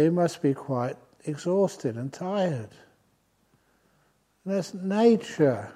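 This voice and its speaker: An older man giving a relaxed dharma talk as a meditation teacher, telling gentle, humorous stories with soft chuckles. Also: on the high side. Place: retreat centre meditation hall.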